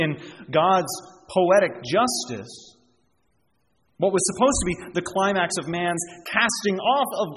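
A man preaching an expository sermon, emphatic, rising on key phrases and dropping low for quieter asides. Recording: reverberant hall with faint noise.

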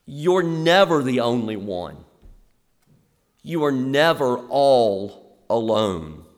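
A man preaching an expository sermon as a pastor, animated, moving between loud emphasis and quiet asides. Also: mid-range voice, slow. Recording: long reverb of a large hall.

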